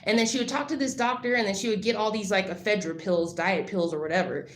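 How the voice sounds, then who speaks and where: A woman's voice: mid-range voice, steady tone, fast talker. A woman vlogger telling a personal story in casual, rambling talk, full of "like" and blunt swearing. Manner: rambling, filler-heavy with frequent "like". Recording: roomy echo.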